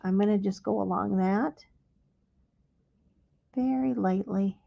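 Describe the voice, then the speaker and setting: A woman hosting a live crafting demonstration and explaining each step gently and without hurry. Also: mid-range voice, takes it slowly, vocal fry, dull audio. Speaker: craft instructor.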